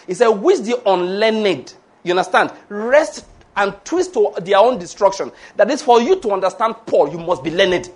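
A man preaching a sermon, animated and humorous, laughing often and acting out the voices he quotes. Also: sits high, normal speed.

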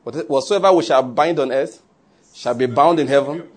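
A solemn, formal church deacon who speaks in a pleading tone, as a male preacher plays him. His voice is husky and sits a little higher than the preacher's own. He slows down for weighty phrases. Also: lightly acted.

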